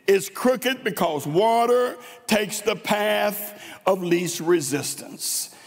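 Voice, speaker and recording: Gravelly Southern preacher in an echoing church. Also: male voice, high voice. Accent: Southern US (Tennessee). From Tennessee. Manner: fervent preaching, dramatic drawn-out emphasis. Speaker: guest preacher. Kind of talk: sermon. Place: large church sanctuary. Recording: long reverb in a large church.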